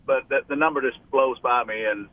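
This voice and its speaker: A man's voice: mid-range voice, a little fast, no echo. A man from Alabama with a Southern accent, calling into a radio show and chatting in a rambling way with many restarts. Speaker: radio caller. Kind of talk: casual phone call. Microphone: phone. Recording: tinny phone line.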